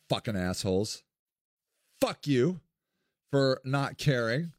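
A podcast host from Akron, Ohio, delivers a candid solo monologue, blunt and cursing freely, his pitch swinging animatedly. He speaks at an unhurried pace, and the recording is studio quality with no room sound.

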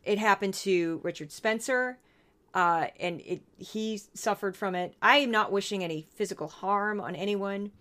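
A young adult woman talks through her own podcast alone, blunt and indignant, with a medium-pitched voice. She slips in dry, sarcastic asides as she talks. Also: moderate pace, fairly bright tone. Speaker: podcast host. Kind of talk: solo podcast commentary.

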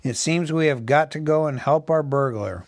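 A man's voice: a little high, no echo, studio quality, natural voice. A man reading a proud dwarf leader. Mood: commanding. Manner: brisk and commanding. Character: proud commanding dwarf leader, adult male.

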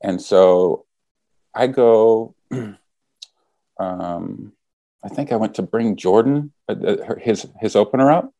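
A man's voice: lowish voice, takes it slowly, pauses often, dark tone, no room sound. A man casually telling a story, acting out the quoted lines as he goes.

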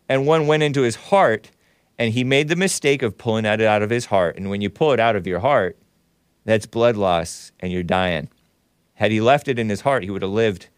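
A male talk show host chats loosely on air, wandering from point to point and correcting himself as he goes. His pitch swings widely and expressively, and the sound is close and dry with no room echo. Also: clear, resonant tone. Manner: rambling, wry asides, frequent self-corrections. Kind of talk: casual call-in show chat.

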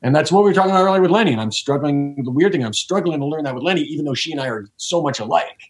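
A man's voice: fairly high pitch, animated, racing. Reflective man rambling with many restarts. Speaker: podcast guest. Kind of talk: casual conversation.

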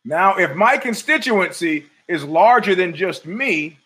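A man's voice: sits high, animated, unhurried, bright, forceful tone, poor audio. A man hosting his own show from home, ranting in a profane, sardonic and digressive way. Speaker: podcast host. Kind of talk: ranting solo commentary.

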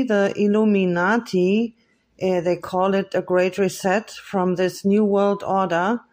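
A podcast host delivering a solo monologue in an earnest, accusing tone, often pausing on hesitant fillers. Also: mid-range voice, darkish tone.

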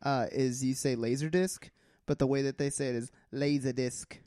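A man's voice: medium pitch, fairly even intonation, fairly quick, dark tone, no echo, clean studio sound. A man co-hosting a podcast in casual chat, laughing often and bantering easily. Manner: laughs a lot, easygoing banter. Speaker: podcast co-host.

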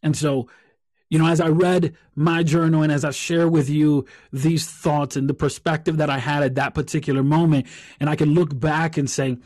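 A man's voice: a little high, steady tone, moderate pace, a little mellow, no room sound, studio quality. A man hosting a solo podcast, talking earnestly and reflectively, often repeating phrases as he thinks aloud. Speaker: podcast host.

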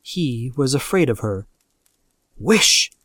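A man narrating a classic horror story aloud with measured, steady storytelling. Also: mid-range voice, no room sound, clean studio sound.

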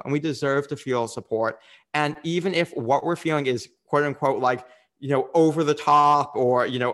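A man's voice: fairly high pitch, a bit bright. A man speaking as a coach in a candid interview, earnest and reflective, with frequent fillers.

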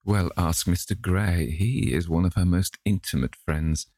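Man doing a drawly cynical posh gentleman, deep gravelly voice, audiobook. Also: unhurried, no room sound. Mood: amused. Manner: drawling, epigrammatic, languid. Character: witty cynical aristocratic gentleman. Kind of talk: audiobook character reading.

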